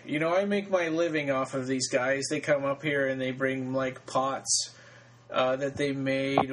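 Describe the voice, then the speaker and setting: A man co-hosting a podcast, retelling a story in relaxed casual talk with fillers. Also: mid-range voice, slight background noise, poor audio. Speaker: podcast co-host. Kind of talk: casual book discussion.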